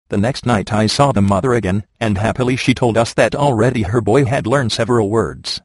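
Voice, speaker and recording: A man narrating a first-person memoir, reading in a steady, measured way. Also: on the low side, dry recording.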